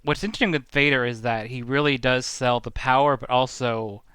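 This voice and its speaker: A man's voice: mid-range voice, fairly quick, a bit bright, clear, resonant tone, dry recording. A man co-hosting a podcast, giving thoughtful, analytical opinions in casual chat, with vivid comparisons.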